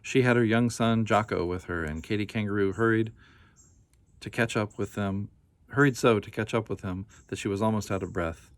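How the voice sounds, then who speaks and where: A man reading a children's picture book aloud in a gentle, unhurried way, with casual asides. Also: lowish voice, no echo.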